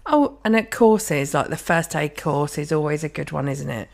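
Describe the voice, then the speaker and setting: A woman's voice: deep voice, animated, moderate pace, vocal fry, a little mellow. A woman co-hosting a podcast, ranting in a casual, sweary way and slipping into mock quotes of other people. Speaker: podcast co-host. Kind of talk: casual chat.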